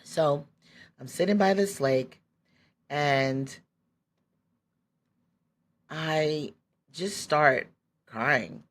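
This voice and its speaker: A woman in her forties hosts a podcast and tells her own story candidly and loosely, laughing often and acting out what went through her head back then. Her low voice moves very slowly with frequent pauses, and her conversational delivery is full of fillers.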